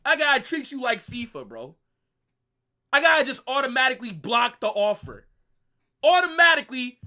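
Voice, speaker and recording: Young male streamer, livestream football reaction, excitable and exasperated, bright tone, very animated delivery. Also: high-pitched. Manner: excitable, exasperated ranting with swearing and repeated phrases. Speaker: football watch-along streamer. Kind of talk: live match reaction.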